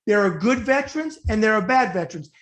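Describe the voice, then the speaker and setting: Guy from new york hosting a web interview, high voice, talks quick and blunt, repeats himself. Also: animated, fairly bright tone. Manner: blunt, rapid, emphatic and repetitive. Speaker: web talk show host. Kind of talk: casual interview.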